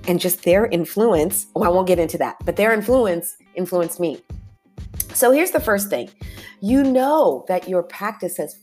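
Animated woman host coaching breathing. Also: fairly low pitch, measured pace, soft background music. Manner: warm, animated, colloquial with "y'all" asides. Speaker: podcast host. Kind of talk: motivational podcast talk with guided breathing.

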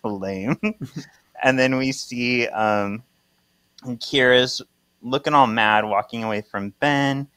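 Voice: medium pitch, fairly even intonation, slow pace, long pauses, a bit bright, clean tone, dry recording. A podcast co-host recapping a story in casual chat, laughing and acting out each character.

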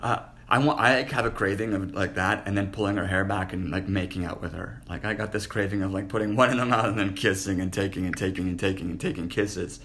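A man's voice: low-pitched, fast talker, few pauses, a bit bright, a little hiss or hum. A man hosting a podcast, talking in a crude and blunt way, rambling and swearing freely. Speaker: podcast host. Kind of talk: casual chat.

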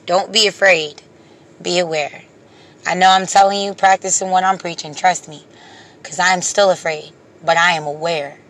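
Bright-voiced, preachy vlogger. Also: medium pitch, steady tone, normal speed. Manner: repetitive, preachy, emphatic phrases. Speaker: vlogger addressing viewers. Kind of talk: impassioned casual monologue to viewers.

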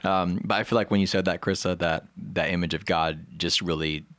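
A man co-host speaks in a warmly encouraging, earnest way during a podcast chat. His voice is very deep and the recording is close and dry. He often drops in soft affirmations. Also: steady tone, brisk, dry recording.

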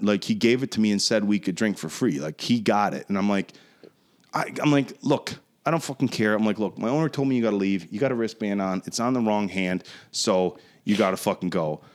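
A man in his forties on a casual podcast telling a profane, animated story. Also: lowish voice, fairly quick. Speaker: podcast host.

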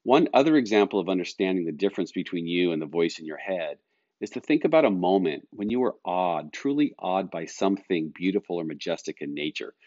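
A middle-aged man hosting a solo podcast as a life coach, explaining calmly and earnestly with everyday examples. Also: low-pitched, brisk, dry recording, muffled recording.

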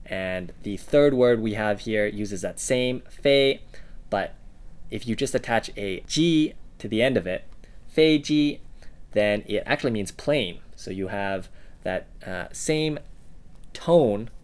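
Low-voiced man co-hosting a language podcast. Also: takes it slowly. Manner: relaxed and explanatory, with fillers. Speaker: podcast co-host. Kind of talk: casual language lesson podcast.

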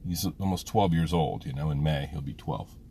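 Super deep voiced middle-aged dad rambling and cussing casually, faint car noise behind. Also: male voice, normal speed, warm tone. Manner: rambling, frank, swears freely. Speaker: vlogger, father. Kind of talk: casual personal monologue.

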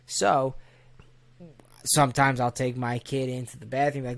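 A man, father of a toddler, telling a profane comic story with animated delivery, often laughing as he goes. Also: mid-range voice, a little slow, gravelly, pauses often. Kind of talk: comedic storytelling.

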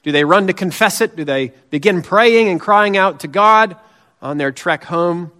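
A man preaching a sermon as pastor, earnest and emphatic, lifting his voice on key phrases and dropping it low and soft on others. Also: moderate pace.

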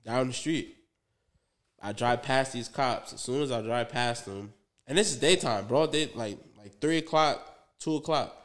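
A young man co-hosting a podcast rambles through a story in loose, profane slang, full of fillers and side comments. His voice sits in the mid-range with a fairly bright tone, and he talks a little slowly.

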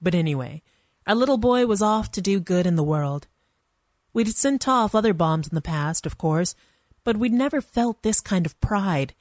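A woman's voice: medium pitch, expressive, normal speed, a little mellow, no room sound, clean studio sound. A woman narrating a first-person story in a wry, conversational manner.

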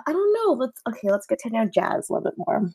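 A young woman hosting a casual chat, giggly, excitable and flustered. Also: fairly high pitch, fast talker, creaky, husky. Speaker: host.

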